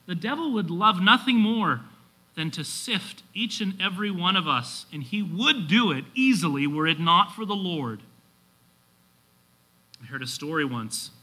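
A man preaching to his congregation in a high voice with a very bright, sharp edge. He reads quotations from his manuscript and climbs into loud, emphatic exhortation. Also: poor audio. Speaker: pastor. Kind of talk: sermon.

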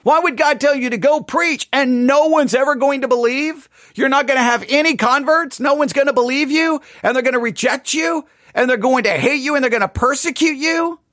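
A man preaching a sermon, impassioned, with frequent stammering restarts and sudden bursts of shouting. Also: very high voice, a little fast, few pauses, no room sound, studio quality. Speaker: pastor.

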